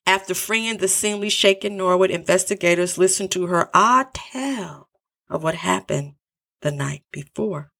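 A woman's voice: lowish voice, moderate pace, gravelly, a bit bright. Opinionated woman narrating true crime. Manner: opinionated, talks straight to the listener.

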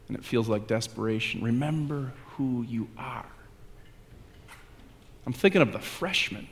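A man's voice: mid-range voice, fairly quick, in a large hall. A male pastor preaching a sermon in a conversational, self-deprecating way that builds into emphatic repetition.

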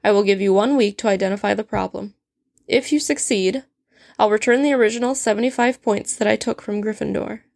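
A woman's voice: mid-range voice, a little fast, vocal fry, darkish tone, dry recording, clean studio sound, natural voice. A woman reading a story aloud, voicing a stern, sardonic male potions professor who speaks in a cold, clipped and cutting way. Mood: cold, scornful.

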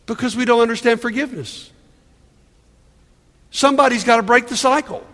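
A man preaching a sermon as a pastor, animated and calling out to his congregation for an amen. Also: extremely high pitch, fairly quick. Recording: long hall reverb.

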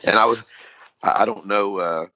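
Low-voiced man asking friendly questions. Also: moderate pace, sharp tone, dry recording. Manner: curious, asks friendly questions, laughs easily. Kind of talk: casual interview chat.

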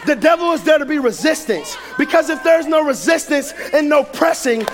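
Man, preacher, very high voice, animated pitch, shouting sermon. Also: moderate pace, music in the background. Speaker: pastor.

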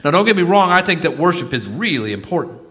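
A middle-aged male pastor preaching a sermon in a church, swinging between loud exclamations and soft asides. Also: fairly high pitch, sing-song, fast. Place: church sanctuary.

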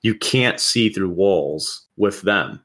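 A man co-hosting a casual gaming podcast, calmly explaining a game zone and its monsters. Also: low-pitched, husky. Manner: relaxed, explanatory, lists things at a measured pace. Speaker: podcast co-host.

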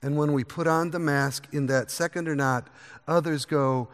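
A man's voice: on the high side, fairly even intonation, normal speed. Preaching man in an echoing church. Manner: earnest, varies pace, drops to a soft voice in prayer. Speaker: pastor. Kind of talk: sermon. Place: church sanctuary. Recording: long echo of a large church hall.

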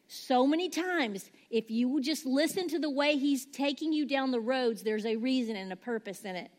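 A woman pastor preaching a sermon, animated and acting out the quoted lines. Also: high-pitched.

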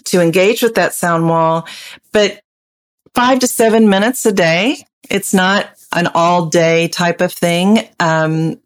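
Lively Oklahoma woman teaching reading. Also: lowish voice. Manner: animated, acts out children's voices. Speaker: literacy educator. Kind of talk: expert explaining on a panel.

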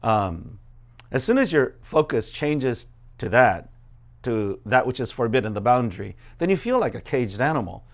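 A man's voice: medium pitch, very animated, moderate pace. Conversational preacher man, filler-heavy. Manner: conversational, many fillers, acts out quoted voices. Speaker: pastor. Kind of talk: sermon with scripture reading.

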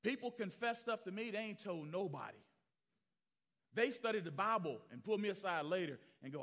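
A pastor tells stories in a sermon, animatedly acting out the people he quotes and swinging from loud to hushed. His voice sits high, with lively intonation at normal speed.

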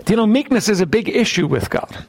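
Gravelly, animated male Bible teacher. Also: high-pitched, quick pace. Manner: frequent throat clearing; reads scripture aloud in old wording. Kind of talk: sermon with scripture reading.

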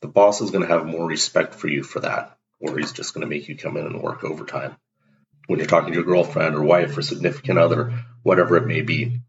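A man's voice: low voice, fairly quick. A man hosting a motivational monologue, talking bluntly and emphatically and acting out everyday exchanges. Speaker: host. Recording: dull lo-fi recording.

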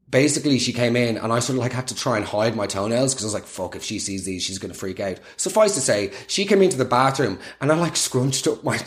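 A young man telling a rambling, self-deprecating comic story in casual chat, full of fillers. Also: mid-range voice.

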